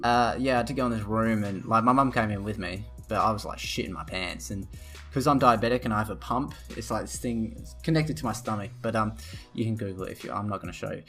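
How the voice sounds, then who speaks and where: A man's voice: on the low side, fast, a bit bright, soft background music. A young man in a casual vlog, ranting sarcastically with lots of swearing as he reacts to what he reads. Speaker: vlogger. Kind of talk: profane reaction rant.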